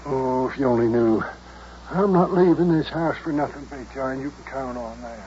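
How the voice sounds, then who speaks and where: An actor playing a fussy, lovesick older country mayor in a children's radio drama, with folksy rural grammar and melodramatic complaints. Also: male voice, mid-range voice, moderate pace, warm tone, close to an everyday voice. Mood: complaining. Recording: dull old radio recording, faint hiss.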